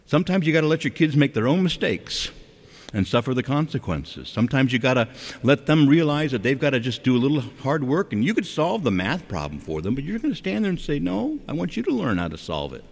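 Speaking briskly at medium pitch, a preacher delivers a conversational sermon straight to his congregation. He's animated, throws out rhetorical questions, and acts out quotes, all under the long reverb of a church.

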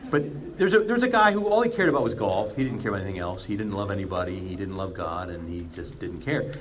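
Animated male priest preaching. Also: deep voice, fast. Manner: conversational, animated preaching with asides. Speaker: Catholic priest. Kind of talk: sermon talk.

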